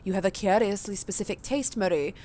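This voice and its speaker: A woman's voice: medium pitch, a little fast, mellow, a little hiss or hum, close to an everyday voice. A woman voicing a poised, elegant female vampire hostess with a refined, sly manner. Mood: silky.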